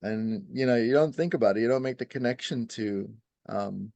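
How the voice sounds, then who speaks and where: A man's voice: medium pitch, brisk, gravelly, darkish tone, no room sound. A man who practises Ayurveda, explaining in a rambling, casual way, full of "you know" and "right?" and little acted-out quotes.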